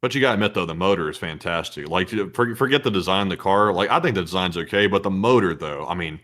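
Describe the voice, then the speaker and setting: Low-voiced man joking in a deadpan way. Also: quick pace, a little hiss or hum. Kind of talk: casual chat.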